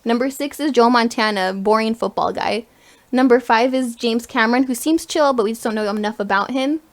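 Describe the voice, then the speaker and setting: A young adult woman co-hosting a podcast, chatting casually and telling a lively story with bursts of laughter. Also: fairly high pitch, a little fast. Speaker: podcast co-host.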